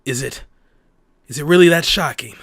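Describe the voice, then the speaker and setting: A flustered male lab chief, nervous and stammering, halting as he speaks, as a man puts him on. The voice sits lower than the reader's usual tone. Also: a bit bright, dry recording, clean studio sound. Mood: nervous hesitant.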